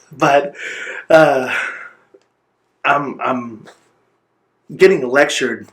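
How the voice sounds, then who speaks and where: An interview guest with a mid-range, slightly bright voice earnestly recounts his own life story. He reflects as he speaks and pauses now and then to gather his words.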